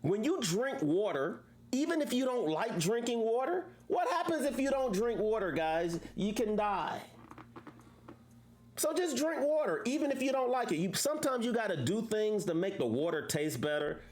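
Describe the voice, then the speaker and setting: A woman's voice: fairly high pitch, big pitch swings, normal speed, darkish tone. A woman hosting a casual livestream, talking to viewers in a preachy way full of rhetorical questions. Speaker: livestream host.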